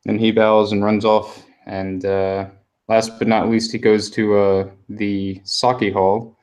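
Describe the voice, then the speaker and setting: A man with a low, fairly flat voice narrates as game master. He talks loosely, with plenty of fillers, as he describes the scene. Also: slow. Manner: relaxed, many fillers, describes scenes at length.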